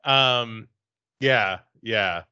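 A man with a bright, forward voice chats easily on a podcast, pausing and hedging his way through thoughts. The sound is dull and dry. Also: lowish voice, clean tone, no room sound. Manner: relaxed, hesitant, with fillers. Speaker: podcast co-host. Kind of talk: casual chat.

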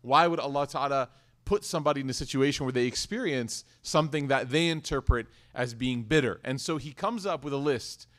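Animated man telling a sermon story. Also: on the high side. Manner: conversational, animated storytelling, with asides and quick restarts. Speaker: imam teaching a weekly class. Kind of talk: casual sermon with personal stories.

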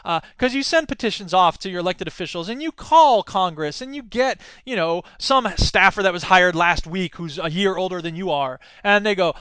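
An American man in his thirties telling a story in a talk, animated, acting out quoted voices, with many fillers and restarts. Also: high-pitched, brisk, hardly any pauses, clear, resonant tone, no room sound. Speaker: speaker giving a talk. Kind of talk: storytelling lecture.

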